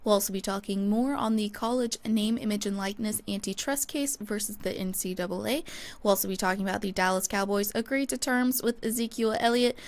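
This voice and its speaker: A woman's voice: mid-range voice, fairly quick. A young woman co-hosting a sports podcast, reading the opening and then chatting lightly with the host. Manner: upbeat, reads intro smoothly then chats lightly. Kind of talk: casual chat.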